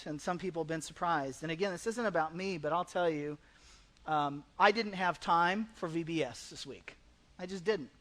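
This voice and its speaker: A pastor preaching a conversational sermon in a church, now and then acting out the people in the story. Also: male voice, a little high, a bit bright. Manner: conversational preaching, acts out quoted voices. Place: church sanctuary.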